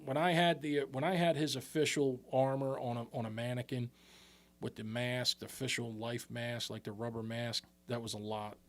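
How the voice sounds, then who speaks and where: A man's voice: medium pitch, fairly even intonation, normal speed. A man co-hosting a podcast, telling long rambling stories in casual chat and swearing freely. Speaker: podcast co-host.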